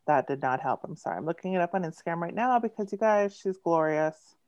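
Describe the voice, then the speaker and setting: A giggly, animated woman in her thirties, a poet guest chatting on a video call. Her voice sits a little low and sounds dull and lo-fi. The room is dry, with no echo. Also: quick pace. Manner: giggly, animated, laughs often. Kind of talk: casual storytelling chat.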